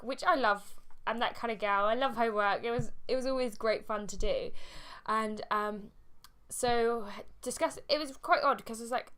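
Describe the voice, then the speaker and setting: A young woman telling a personal story to camera in a candid, halting way. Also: on the high side, fairly bright tone. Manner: candid, halting, with fillers and frequent laughs. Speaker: vlogger.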